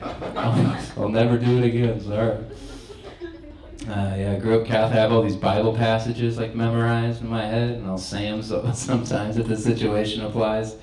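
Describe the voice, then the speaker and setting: A man's voice: on the low side, level tone, moderate pace, darkish tone. A young man performing a stand-up set in a comedy club, crude and conversational, laughing at his own jokes. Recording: echoey club room.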